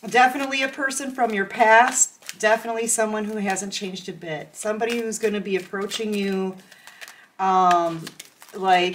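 A woman's voice: mid-range voice, normal speed, a little hiss or hum. A woman giving a casual tarot reading, chatty and acting out imagined conversations with a laugh. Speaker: tarot reader.

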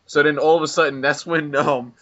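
A man's voice: fairly high pitch, steady tone, fairly quick, pushed and bright. A man on a voice call telling rambling stories, full of restarts and fillers, laughing as he goes. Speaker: friend on the call. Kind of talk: casual chat. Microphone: computer mic on a voice call. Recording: dull lo-fi voice chat recording.

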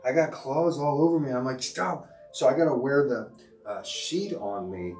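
A man's voice: medium pitch, moderate pace, darkish tone. A middle-aged man, a teacher hosting a casual livestream, rambling with many fillers and restarts. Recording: echoey room, far from mic, music behind.

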